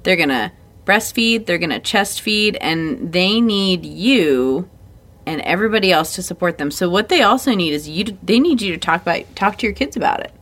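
A woman's voice: lowish voice, animated, normal speed, a bit bright. A woman in her thirties co-hosting a podcast, telling stories candidly, swearing freely and laughing often. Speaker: podcast co-host. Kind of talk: casual chat.

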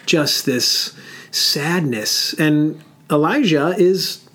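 A man co-hosting a casual podcast discussion, talking in a halting way with many fillers and restarts. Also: on the high side, fairly bright tone. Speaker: podcast co-host.

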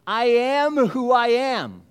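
A man voicing God as a solemn, commanding male figure, slow, loud and proclaiming, in a retold story. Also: very high-pitched, expressive, clear, resonant tone, pitched above the performer's own voice, heavily acted.

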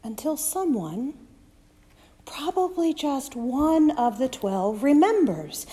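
A woman preaching a sermon in a dramatic style, dropping often to soft whispers. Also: sits high, sing-song, slow pace. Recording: long reverb of a large hall.

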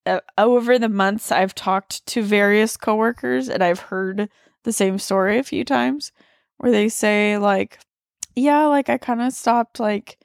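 A woman's voice: medium pitch, no room sound, clean studio sound. A woman co-hosting a casual podcast from home, rambling along with lots of fillers while lying on the floor. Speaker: podcast co-host.

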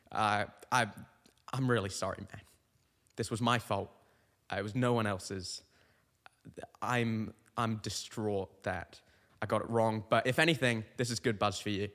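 A man's voice: fairly low pitch, normal speed, a bit bright, long reverb tail. A young man hosting a comedy podcast, telling meandering, self-mocking stories full of tangents. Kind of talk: rambling comic monologue.

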